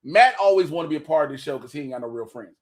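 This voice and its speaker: A man's voice: on the high side, expressive, rapid-fire. A man co-hosting a casual livestream, rambling and joking as he roasts his friends. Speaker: co-host.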